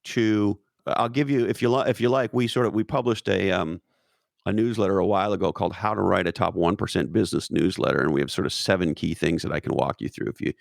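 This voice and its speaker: A man's voice: deep voice, fairly even intonation, fast talker, vocal fry, no room sound, clean studio sound. A man talking casually as an interview guest, emphatic and profane, with many restarts.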